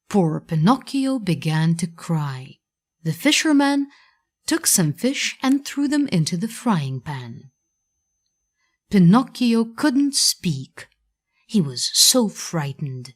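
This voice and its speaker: A woman narrating a storybook for English learners, careful and clearly spaced. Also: fairly low pitch, big pitch swings, slow.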